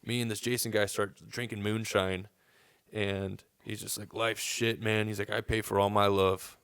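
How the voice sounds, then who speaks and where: A man's voice: on the low side, level tone, normal speed, vocal fry, fairly bright tone, clean tone, no echo, clean studio sound. A young man casually telling a long story on a podcast, swearing and acting out what people said. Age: young adult. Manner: laid-back, swearing, acts out quotes.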